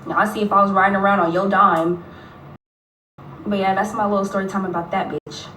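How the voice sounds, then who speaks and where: A woman's voice: medium pitch, little pitch movement, a little fast, bright, forceful tone, recorded from a distance, a little hiss or hum. A woman talking casually on a livestream, telling a story in a blunt, profane, gossiping way. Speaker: livestreaming rapper. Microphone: phone on a livestream. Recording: echoey room, phone held away.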